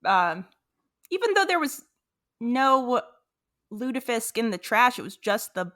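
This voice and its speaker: A woman's voice: fairly high pitch, sing-song, measured pace, fairly bright tone. A woman co-hosting a podcast in casual chat, giving short agreeing replies and talking with some hesitation. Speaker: podcast co-host.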